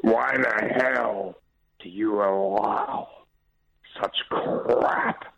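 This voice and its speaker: A man's voice: lowish voice, steady tone, extremely slow, vocal fry, fairly bright tone, breathy edge, muffled recording. A man calling in to a late-night radio phone-in, indignant and blustering. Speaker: caller.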